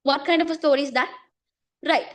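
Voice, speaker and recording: High-voiced tutor woman, losing her voice. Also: steady tone, a little fast. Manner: repetitive, checks understanding often. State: losing her voice, clearing throat. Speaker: chemistry tutor. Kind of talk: online class teaching.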